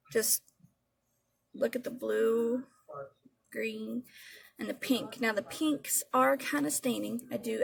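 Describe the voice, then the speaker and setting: A woman's voice: fairly high pitch, vocal fry. A woman chatting casually about her favorite makeup, rambling and swearing now and then. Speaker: beauty vlogger. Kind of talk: casual product review.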